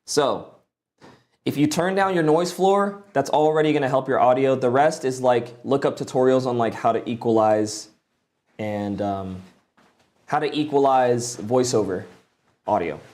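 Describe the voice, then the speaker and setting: A young man talks loosely on a live stream, peppering his advice with "like" and the odd curse. He sits close to a streaming mic, and his voice sits at an ordinary middle pitch. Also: unhurried, a little mellow. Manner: loose and profane, lots of "like" fillers. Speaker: streamer giving voice acting advice. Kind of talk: casual live-stream talk.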